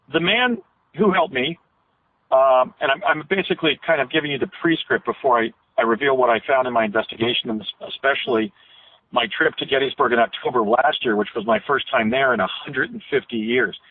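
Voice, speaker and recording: A man's voice: mid-range voice, slightly rough. A man guest on a radio interview, telling long rambling recollections with frequent restarts. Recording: tinny phone line.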